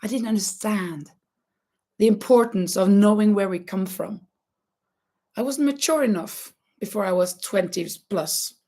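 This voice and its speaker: A woman whose first language is Norwegian, hosting a casual crafting livestream and chatting in a halting way, with many restarts and a lot of laughter. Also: medium pitch, mellow. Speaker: livestream host and schoolteacher. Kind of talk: casual chat while crocheting.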